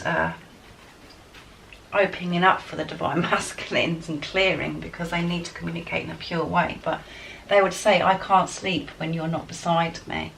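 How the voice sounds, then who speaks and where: A woman giving a spiritual tarot guidance reading, excitable and enthusiastic as she talks straight to her viewers. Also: on the low side, gravelly. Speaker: tarot card reader. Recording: distant mic with faint background noise.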